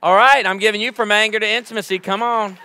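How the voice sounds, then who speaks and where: A man's voice: sits high, fairly even intonation, quick pace, sharp tone, long reverb tail, slight background noise. A man in his forties giving a humorous sermon in a church, bantering playfully with the congregation. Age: 40s. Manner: joking, playful crowd banter. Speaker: guest preacher. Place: church sanctuary before a congregation.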